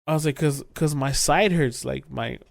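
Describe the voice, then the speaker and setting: A man's voice: medium pitch, moderate pace, vocal fry, no room sound, clean studio sound. A young man co-hosting a podcast, telling a drunk story in casual chat, swearing often and acting out the quotes with bursts of laughter. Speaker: podcast co-host.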